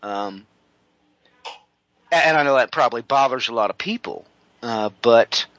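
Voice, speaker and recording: A middle-aged home builder tells a personal story in an interview, rambling and filling gaps with many drawn-out "uh"s. His mid-range voice is slightly bright, with no echo, though the recording is rough.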